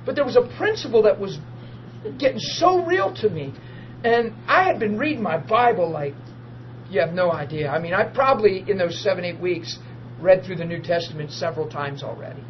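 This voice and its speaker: A high-pitched man preaching in an animated storytelling way, acting out voices as he goes. The recording is dull and lo-fi, with a steady noisy hiss behind him. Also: brisk. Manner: animated storyteller, acts out dialogue, laughs easily. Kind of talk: testimony-driven sermon.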